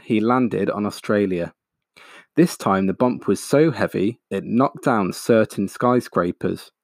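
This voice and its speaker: A man reading a children's storybook aloud, slow, expressive and dramatic. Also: lowish voice, no room sound, studio quality. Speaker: audiobook narrator.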